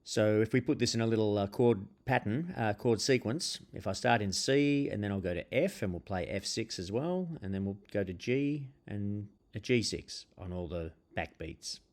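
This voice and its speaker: A man with a fairly low voice teaches ukulele rhythm. He explains at an easy pace, stopping for "uh" and "um", and counts the beats aloud as he strums. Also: moderate pace, few pauses. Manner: relaxed, hesitant, with frequent uh and um fillers.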